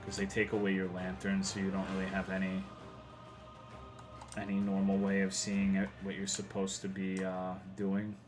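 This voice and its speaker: A man's voice: deep voice, monotone, moderate pace, over music. A young man from Texas giving rambling, profane commentary while livestreaming a video game, reading and answering chat. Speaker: game streamer.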